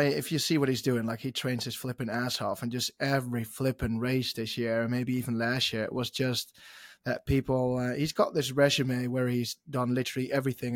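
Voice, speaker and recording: A man's voice: mid-range voice, no room sound, studio quality. A young man co-hosting a casual podcast, talking hesitantly with repeated words and some teasing. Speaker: podcast co-host. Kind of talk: casual chat.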